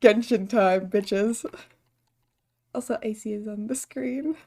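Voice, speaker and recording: A woman's voice: mid-range voice, slow pace, a little mellow. A woman streamer chatting casually and rambling while she plays a game, laughing often. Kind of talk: casual gaming livestream chat.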